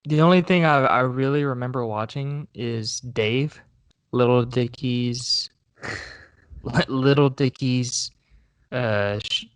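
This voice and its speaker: Young man chatting, smooth dry voice. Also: mid-range voice, takes it slowly, dry recording. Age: young adult. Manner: rambling with restarts and fillers. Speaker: co-host. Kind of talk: casual podcast chat.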